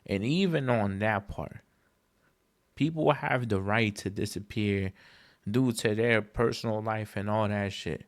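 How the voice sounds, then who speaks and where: In an unhurried solo monologue, this podcast host launches into a slangy, profane, emphatic rant. Whenever exasperation hits, his voice jumps higher.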